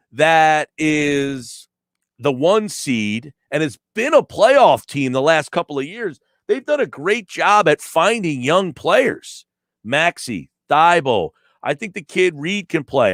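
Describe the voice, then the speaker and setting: A sports radio host rants on, sarcastic and emphatic, his fairly high voice swinging widely in pitch. He sounds close and dry on a studio microphone. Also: a bit bright, no echo. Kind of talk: opinionated sports talk radio.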